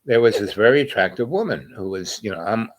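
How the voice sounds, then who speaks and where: A man in his eighties casually telling a long personal story, rambling and halting with many fillers and restarts. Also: on the low side, expressive, dry recording. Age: 80s.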